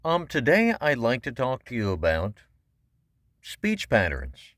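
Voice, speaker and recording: A man casually explaining voice-acting technique, talking slowly and deliberately with sudden pitch jumps for emphasis. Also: huge pitch swings, fairly bright tone, dry recording, studio quality. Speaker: voice acting coach. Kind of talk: casual spoken tips to camera.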